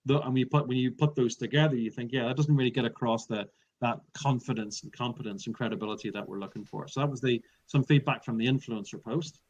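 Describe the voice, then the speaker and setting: A man's voice: mid-range voice, fast talker. Emphatic man coaching with dull sound. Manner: emphatic, explains with examples. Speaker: guest speaking trainer. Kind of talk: coaching interview talk.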